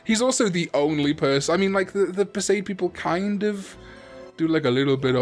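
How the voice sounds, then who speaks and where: A man's voice: high voice, expressive, brisk, soft background music. A British man casually commentating a video game with a friend, cursing and joking a lot. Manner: profane, laughing banter. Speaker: let's play host.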